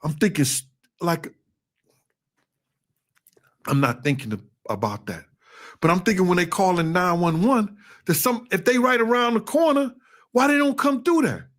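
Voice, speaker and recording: A man telling a tense story in a casual interview, acting out quoted shouts with an animated delivery. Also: high-pitched, moderate pace, pauses often. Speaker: interview guest.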